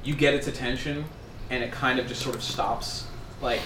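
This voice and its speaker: A man's voice: mid-range voice, fairly even intonation, normal speed, sharp tone. A man narrating as game master of a tabletop game, with loose, rambling descriptions full of fillers. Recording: roomy, distant mic with background noise.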